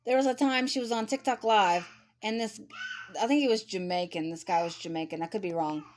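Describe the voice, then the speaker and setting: A woman's voice: mid-range voice, fairly quick. A woman in her thirties giving a blunt, ranting commentary to camera, repeating herself for emphasis. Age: 30s. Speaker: vlogger. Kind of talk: casual commentary.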